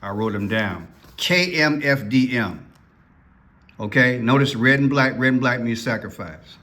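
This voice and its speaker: An online video commentator with an unhurried, bright, forceful voice chats casually with his viewers. He frequently repeats himself and calls out to the audience, and his pitch climbs sharply when he gets worked up.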